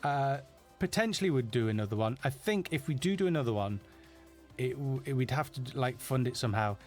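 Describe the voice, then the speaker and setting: A man's voice: mid-range voice, expressive, brisk, soft background music. A middle-aged man from Yorkshire with a Yorkshire accent, casually answering viewer questions in a live Q&A, chatty and self-deprecating with lots of fillers and restarts. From Yorkshire, England.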